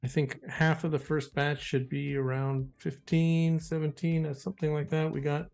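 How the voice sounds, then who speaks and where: A man's voice: on the high side, flat delivery, normal speed, vocal fry, darkish tone. A man hosting a casual talk show, describing toys in detail with fillers and restarts. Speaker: podcast host. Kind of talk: casual chat.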